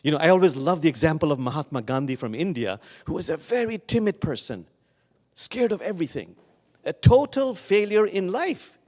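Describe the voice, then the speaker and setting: A man giving a sermon full of stories, lingering slowly on the words he wants to stress. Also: on the high side, lively intonation, darkish tone. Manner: slow, lingering emphasis on key words. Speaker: guest speaker at a Sunday service. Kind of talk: sermon with storytelling. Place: church sanctuary. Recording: long reverb of a large hall.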